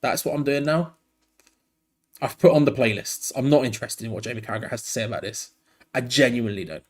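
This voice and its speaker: A man's voice: medium pitch, quick pace, breathy edge. A tired man hosting a live fan watch-along, switching between match commentary and rambling, frank asides.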